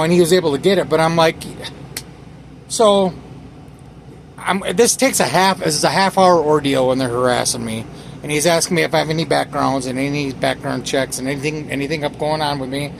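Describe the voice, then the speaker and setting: A man's voice: a little high, fairly even intonation, a little fast, creaky, slight background noise. A man vlogger angrily recounting a story in a casual, swearing way. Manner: agitated, swearing, quoting others in retelling. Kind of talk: angry personal story vlog.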